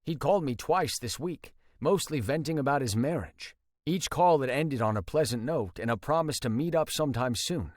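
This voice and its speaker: A man narrating a first-person romance audiobook in an expressive, dramatic storytelling manner. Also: medium pitch, dry recording, clean studio sound.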